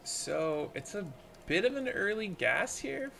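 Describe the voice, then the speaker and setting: A man's voice: high-pitched, very animated, unhurried, vocal fry, noisy background. A man casually commentating an esports match, often hesitant and stumbling on his words. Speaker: esports caster.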